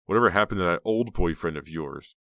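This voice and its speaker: A man's voice: low-pitched, animated, brisk, a bit bright, dry recording. A man reading an audiobook, voicing a mean, sneering middle-aged uncle with a dry delivery.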